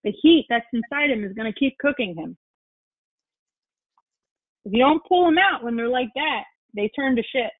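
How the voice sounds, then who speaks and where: A woman's voice: fairly high pitch, animated, normal speed, long pauses, dry recording. A woman chatting casually as she cooks, explaining each step and swearing now and then. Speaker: guest chef. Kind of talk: casual cooking chat. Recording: tinny phone-like line.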